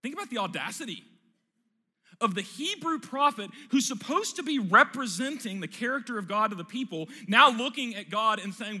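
A male pastor preaches with animated, emphatic storytelling in a high, very bright voice. His words carry a long reverb from a church hall. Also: moderate pace. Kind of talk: sermon.

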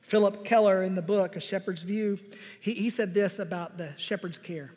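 A man preaching a sermon, measured and emphatic, with deliberate pauses. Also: high voice, fairly even intonation, a little mellow. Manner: measured, emphatic pauses, reads scripture aloud. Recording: reverberant hall.

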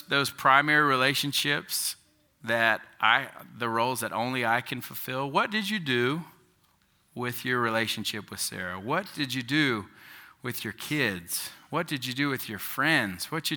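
Bright-voiced preacher asking questions. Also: male voice, mid-range voice. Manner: conversational preaching with rhetorical questions. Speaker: pastor. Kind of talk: sermon.

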